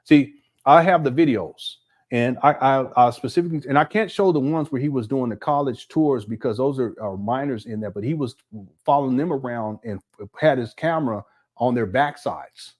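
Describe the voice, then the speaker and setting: An indignant man hosts a reaction commentary, breaking down video clips and talking straight to his viewers. His voice sits at an ordinary mid pitch. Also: normal speed, darkish tone. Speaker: commentary channel host.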